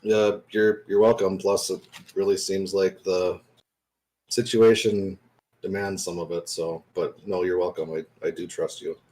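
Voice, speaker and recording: A man speaking in character as a player in a tabletop game, halting with many fillers. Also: sits low, level tone, a little mellow. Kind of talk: in-character tabletop role-play.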